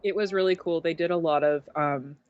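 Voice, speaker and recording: A guest co-host chatting casually on a game stream, halting with lots of ums and laughing easily. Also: medium pitch, smooth, phone-quality sound, faint music behind. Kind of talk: casual chat.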